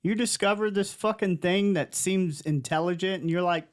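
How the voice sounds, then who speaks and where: A man's voice: high voice, normal speed. A man co-hosting a comedy podcast, cracking sarcastic jokes and swearing freely in casual banter. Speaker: podcast co-host.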